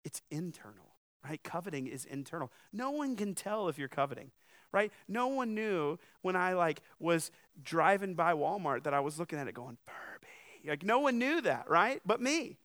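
A man's voice: high voice, big pitch swings, moderate pace, fairly bright tone. Casual joking man preaching a sermon. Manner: conversational, joking asides, rising emphasis. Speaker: pastor.

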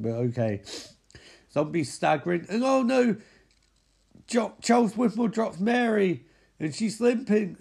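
A man's voice: high voice, gravelly, darkish tone, slightly rough. A man giving a mocking, profane recap of a zombie film with lots of exclamations. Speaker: film commentator.

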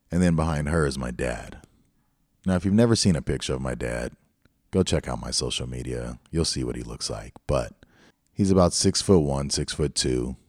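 A man's voice: extremely low pitch, a little mellow, no room sound, studio quality. A middle-aged man hosting a podcast, telling a personal story in a candid, reflective way. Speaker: podcast host. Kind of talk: storytelling monologue.

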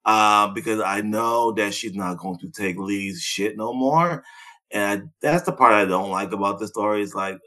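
A man's voice: on the low side, moderate pace, sharp tone. A man co-hosting a podcast, talking in casual chat, blunt and profane, laughing often and throwing in sarcastic asides. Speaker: podcast co-host.

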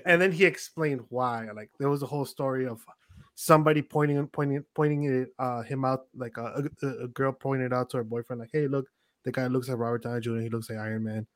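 A man's voice: mid-range voice, steady tone, fairly quick, no room sound, studio quality. A man hosting a casual podcast, retelling funny moments with many restarts and quoted voices. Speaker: podcast host.

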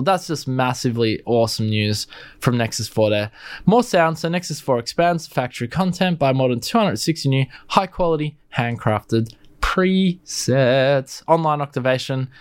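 A man's voice: medium pitch, clean tone, dry recording. Chatty Australian man with a blocked nose. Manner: chatty, rambling, restarts mid-word. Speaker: music software reviewer. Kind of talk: casual plugin review.

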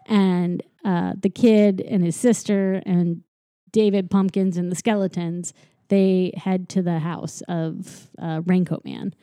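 A woman from the United States cohosting a podcast, casually retelling a story and acting out characters with quick voices and frequent laughs. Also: fairly low pitch, steady tone, mellow, dry recording. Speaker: podcast co-host. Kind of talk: casual chat retelling a TV special.

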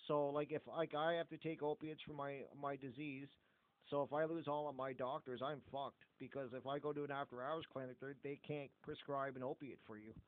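A man's voice: mid-range voice, brisk, no echo. A middle-aged Canadian man hosting a podcast in blunt, casual chat full of swearing. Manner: blunt, heavy swearing, animated. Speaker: podcast host. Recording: phone-like narrow audio.

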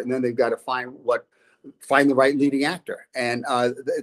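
An older man, a football coach, telling stories as a podcast guest and laughing often. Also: mid-range voice. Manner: lively storyteller, laughs often. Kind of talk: casual podcast chat.

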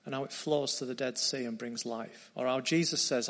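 A man preaching a sermon, retelling a story earnestly and dropping into quieter tones. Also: mid-range voice, moderate pace, vocal fry, few pauses.

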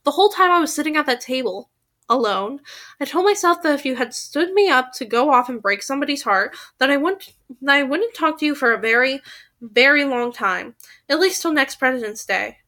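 A woman voicing a sharp, suspicious teenage girl who talks with sarcasm and accusation. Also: high voice, lively intonation, fairly quick. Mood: pointed.

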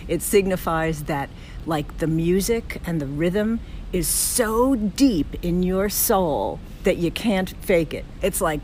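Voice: medium pitch, lively intonation, takes it slowly, darkish tone, slight background noise. A travel host narrating a cruise trip and interviewing a performer, eager and gushing with praise. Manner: enthusiastic, gushing, rambling.

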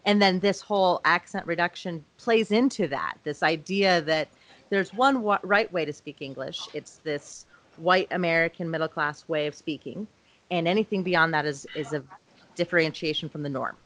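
Woman, critical and analytical, slightly low pitch. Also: normal speed, fairly bright tone. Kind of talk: casual chat.

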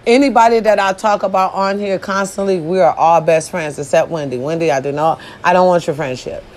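A woman ranting casually about people online, profane and animated, often jumping to high squeals. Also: a little fast, a little hiss or hum. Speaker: social media commentator. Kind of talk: casual reaction rant.

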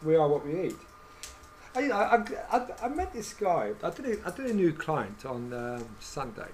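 A man's voice: a little high, very animated, moderate pace, slight background noise. A man, co-hosting a podcast and telling a rambling story with many restarts. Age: 60s. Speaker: podcast co-host. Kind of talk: casual chat.

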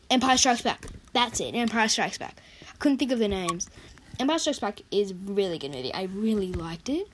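A young woman with a croaky voice, rambling in a casual vlog about her favourite movies and correcting herself often. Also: medium pitch, a little hiss or hum. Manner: rambling, chatty, self-correcting. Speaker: vlogger. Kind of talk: casual movie countdown chat.

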